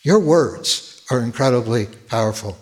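A male pastor delivers a sermon in a voice that sits at an ordinary, middle pitch for a man. He is earnest and often repeats a word as he starts a phrase. His voice carries a long, ringing reverb from a large hall. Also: lively intonation, a little slow.

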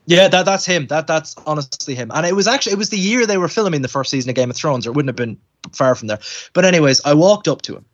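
A man's voice: a little high, quick pace. A man telling a casual anecdote on a podcast, acting out quoted voices with stammers. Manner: animated storyteller, acts out quoted voices, stammers. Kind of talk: casual storytelling chat. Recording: dull lo-fi sound.

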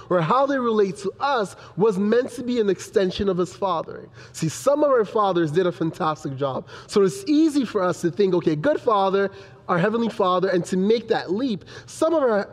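A young adult man, a pastor, preaching a sermon in an earnest style with building repetition. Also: high-pitched. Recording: long hall reverb.

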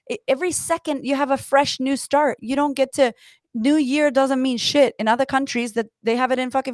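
A woman's voice: high-pitched, steady tone, brisk, no room sound, studio quality. A woman in her thirties, a coach and author of Puerto Rican heritage, chatting on a podcast in an emphatic, profane, motivational way. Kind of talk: casual podcast chat.

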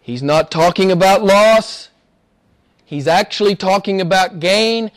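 Here a pastor talks his sermon through conversationally at a slightly slow pace. He drops to a hushed, low register and then rises loud and fired up, leaning on rhetorical questions and repeated phrases to drive points home.

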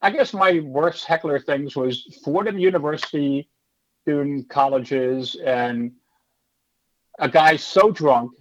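Slow-paced and a little high, a man's voice comes across on dull audio. He's in his fifties and used to do stand-up, and in a casual interview he animatedly performs the people from his stories, giving hecklers character voices.

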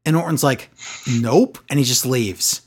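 Animated man recapping wrestling. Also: fairly high pitch, moderate pace. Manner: animated, acts out quotes in exaggerated voices. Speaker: wrestling podcast co-host. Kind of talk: casual recap chat.

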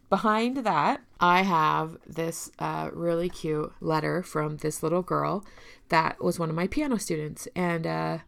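A woman with a somewhat low voice and a gravelly fry, talking earnestly about her recovery. She addresses listeners directly and encourages them. At times she becomes emotional and laughs softly. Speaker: recovery speaker. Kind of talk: personal talk showing her emergency kit.

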